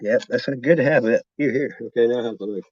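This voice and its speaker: A man's voice: medium pitch, quick pace, a little mellow, husky, no room sound. Laid-back rambling man, dull sound. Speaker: host. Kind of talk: casual chat while drinking.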